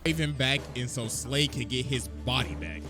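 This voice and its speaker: A man hosting a comedic cartoon recap, storytelling with heavy slang and bursts of shouting. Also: mid-range voice, normal speed, over music. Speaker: host.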